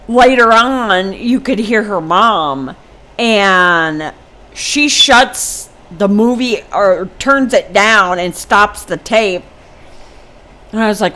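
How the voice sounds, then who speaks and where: Older woman vlogger, slow and rambling anecdote delivery, mid-range pitch. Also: sharp tone. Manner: meandering, with many ums and asides. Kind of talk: casual storytelling.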